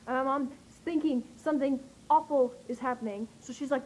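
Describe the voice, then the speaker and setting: A young woman telling an excited vlog story, gushing and breathless, with lots of fillers. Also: sits high, moderate pace, slight background noise, poor audio. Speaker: vlogger.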